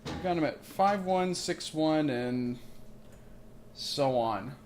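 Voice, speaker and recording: Man hosting a let's play, slightly high voice, jokey rambling commentary, faint background noise. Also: animated, slow pace, darkish tone. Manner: joking, rambling asides. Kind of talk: casual gameplay commentary. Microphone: makeshift mic setup.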